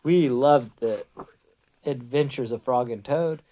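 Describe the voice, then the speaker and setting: A woman hosting a podcast, reading a picture book aloud in a gentle, patient way. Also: a bass voice, slow pace, slight background noise. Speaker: podcast host reading to a child.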